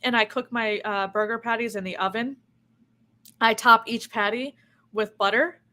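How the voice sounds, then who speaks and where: A woman's voice: a little high, steady tone, moderate pace, pushed and bright. A woman with a New Jersey accent hosting a casual livestream, chatty and giggly as she reads out viewer comments. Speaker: livestream host. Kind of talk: casual live chat.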